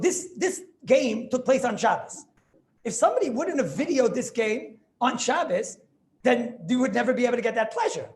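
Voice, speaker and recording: Chatty high-voiced man teaching a class. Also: slight background noise. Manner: animated, chatty, checks if students understand. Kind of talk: informal Torah class.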